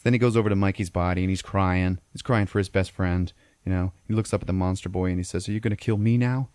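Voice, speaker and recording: A man with a very low voice walks through a film plot casually, cursing freely and tagging lines with "okay?" and "all right?". The recording is dry and close. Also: flat delivery, fast, darkish tone, clear, resonant tone, no room sound. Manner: profane, peppers lines with "okay?". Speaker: podcast host.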